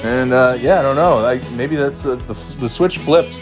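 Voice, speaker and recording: A man's voice: medium pitch, normal speed, music in the background. Rambling, profane man telling stories. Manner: rambling, profane, self-deprecating. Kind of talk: comedic storytelling monologue.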